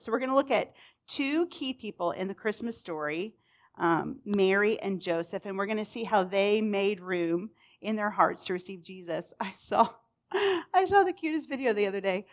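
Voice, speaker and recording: A young woman teaching a casual Bible lesson, chatty and animated, with many fillers. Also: mid-range voice. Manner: chatty, frequent "like", animated storytelling.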